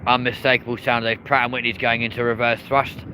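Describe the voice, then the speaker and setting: A man's voice: mid-range voice, level tone, fairly quick. A man hosting a live plane-spotting stream outdoors by an airport runway, chatting casually with viewers and cheering the planes on. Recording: loud wind and traffic noise.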